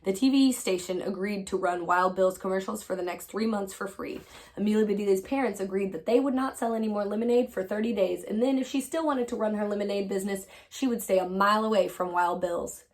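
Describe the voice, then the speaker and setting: A woman teacher reading a children's chapter book aloud with expressive storybook narration. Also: medium pitch, brisk.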